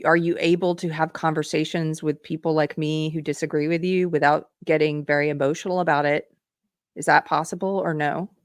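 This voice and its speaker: A woman's voice: low voice, smooth, dry recording, clean studio sound. A middle-aged woman hosting a live commentary stream, earnestly putting rhetorical questions to her viewers. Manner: reads viewer comments aloud. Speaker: political commentary host.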